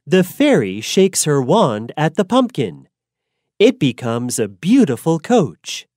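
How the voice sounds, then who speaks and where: Low-voiced woman reading a children's story for learners; slow, deliberate, very melodic. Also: darkish tone, no echo, studio quality. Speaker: narrator.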